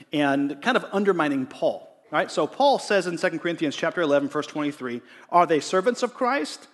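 A man's voice: fairly high pitch, fairly bright tone. A man preaching a sermon in a conversational way, rising to emphatic readings of scripture. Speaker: pastor. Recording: long reverb of a large hall.

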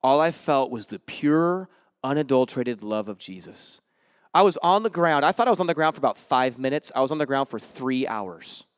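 A man preaching a sermon, telling his conversion story with animated emotion, casual slang and sudden swings from loud to hushed. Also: mid-range voice, normal speed, clear, resonant tone, no echo. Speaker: pastor. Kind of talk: sermon with personal testimony.

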